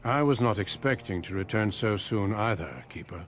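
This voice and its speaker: An actor playing a grave, formal middle-aged warrior in a game, speaking in a measured way, with game music underneath. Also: male voice, on the low side, lively intonation, a bit bright, slight background noise. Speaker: game character.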